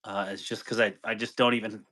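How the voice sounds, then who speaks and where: A man's voice: on the low side, flat delivery, fairly quick, pushed and bright. Chatty man hosting a live stream. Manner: chatty, greets viewers by name, laughs easily. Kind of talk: casual live stream chat.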